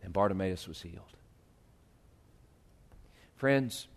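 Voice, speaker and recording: A male pastor preaching a sermon, swinging from hushed, slow lines to loud, rising appeals. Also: sits low, animated.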